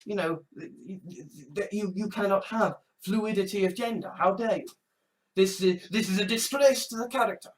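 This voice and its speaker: A man's voice: sits high, moderate pace, rough recording. A man ranting in a sarcastic, exasperated way, swearing often and repeating a mocking phrase in escalating outbursts. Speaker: online commentator. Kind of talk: ranting commentary compilation.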